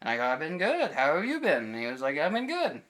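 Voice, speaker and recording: A man's voice: mid-range voice, huge pitch swings, quick pace, fairly bright tone. A man co-hosting a podcast in casual chat, telling a story and acting out the quoted lines of everyone in it, with loose fillers and self-corrections. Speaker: podcast co-host.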